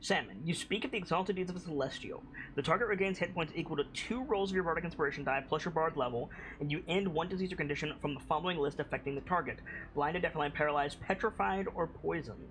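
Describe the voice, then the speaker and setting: A man's voice: on the high side, fast, few pauses, a bit bright, a little hiss or hum. A man running a tabletop game as game master, describing scenes in a laid-back way with lots of "like"s.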